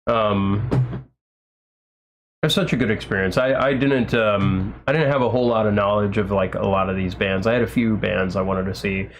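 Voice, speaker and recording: A man's voice: lowish voice, fairly even intonation, moderate pace, slight background noise. Gushing man rambling on a livestream. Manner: rambling, many fillers and restarts; enthusiastic, gushing. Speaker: livestream host. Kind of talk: casual livestream chat.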